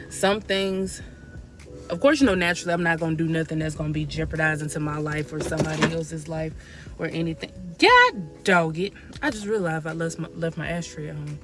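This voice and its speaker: A woman vlogging from her parked car in a loose, rambling way, with a habit of repeating "like I said.". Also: lowish voice. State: out of breath. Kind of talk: casual talk to camera.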